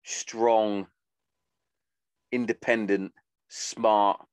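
Man, 30s, podcast host; lowish voice, dry close sound, loose sweary ramble. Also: flat delivery, extremely slow, clear, resonant tone, no echo. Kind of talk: casual monologue.

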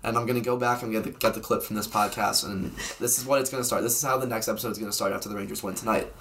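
A young man co-hosting a podcast, chatting about hockey in a teasing, sarcastic, rapid-fire way. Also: fairly low pitch, fairly even intonation, fairly bright tone, a little hiss or hum. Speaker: podcast co-host. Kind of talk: casual sports banter.

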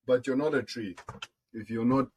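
A man hosting a podcast, speaking in a relaxed, encouraging way and giving advice. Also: mid-range voice, moderate pace, a little hiss or hum, rough recording. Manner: relaxed, affirming, gives advice. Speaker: podcast host. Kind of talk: casual interview chat.

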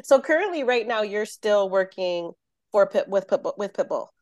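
A woman hosting a casual interview, her questions wandering and full of hesitations. Her voice sits at an ordinary middle pitch. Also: lively intonation, normal speed, darkish tone.

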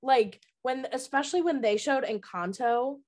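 A woman's voice: sits high, moderate pace, darkish tone. A woman co-hosting a podcast, gushing in casual chat and saying "like" often. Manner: gushing, lots of "like". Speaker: podcast co-host.

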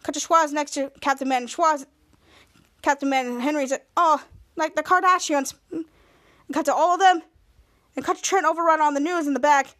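The podcast host here recounts a TV episode in a meandering, casual style, repeating herself and saying "somehow" and "cut to" a lot. She talks briskly in a high, fairly bright voice, but leaves long pauses.

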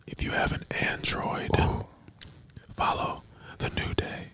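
A podcast co-host whispering hesitantly in ASMR style, reluctant and careful. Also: male voice, slow.

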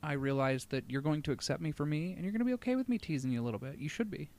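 A man's voice: a little high, animated, racing, a little mellow. Male podcast guest: blunt, teasing, casual, trips over his words. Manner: blunt, joking, swears casually, frequent restarts. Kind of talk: casual chat.

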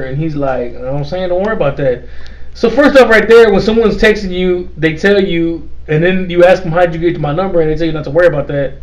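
A man's voice: fairly high pitch, moderate pace, a little mellow, highs cut off. A man hosting a casual chat and telling a story in a loose, laughing way, acting out the people in it. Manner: loose, laughing retelling with playacted quotes. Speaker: host. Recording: faint noise, set back from the mic.

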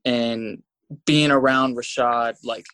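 A young man who is a podcast guest, talking in a relaxed way with many fillers. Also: medium pitch, slow, clean tone. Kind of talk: casual chat.

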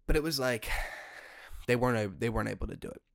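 A young man hosting a solo podcast, ranting in an exasperated way with sudden loud outbursts. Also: mid-range voice, expressive, fast, vocal fry, no room sound, studio quality. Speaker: podcast host.

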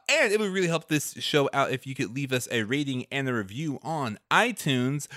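A man's voice: mid-range voice, a bit bright, no room sound, studio quality. A man co-hosting a casual movie-review podcast, laughing often and hesitating with many ums and restarts. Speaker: podcast co-host.

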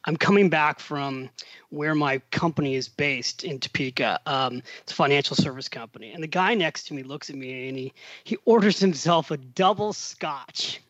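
A man's voice: fairly high pitch, normal speed, no room sound, highs cut off. A middle-aged man, a podcast guest, telling a long story in casual conversation and acting out the voices of the people in it. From United States. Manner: animated storyteller, acts out quoted dialogue. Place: home in Italy.

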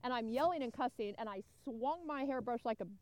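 Female co-host, animated exasperated storyteller with a fairly high voice. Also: brisk, dry recording. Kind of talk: casual chat.

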